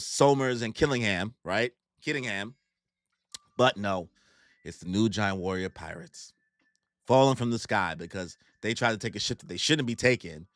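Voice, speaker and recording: Slangy guy doing live manga reaction, bouncy pitch, swears a lot, dry close mic. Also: a bit bright, dry recording.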